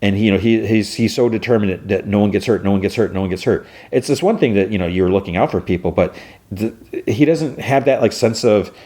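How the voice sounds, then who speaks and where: A man's voice: on the low side, fairly quick, warm tone. A man hosting a podcast, casually recapping an episode in a rambling way with lots of fillers. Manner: rambling, full of fillers and restarts. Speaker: podcast host.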